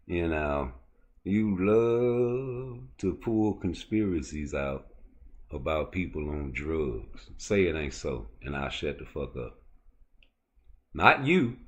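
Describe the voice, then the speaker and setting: A man's voice: a bass voice, slightly rough. A man hosting a boxing talk stream, ranting profanely at his chat with rhetorical questions. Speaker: boxing commentary host. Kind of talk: unscripted rant to a live chat.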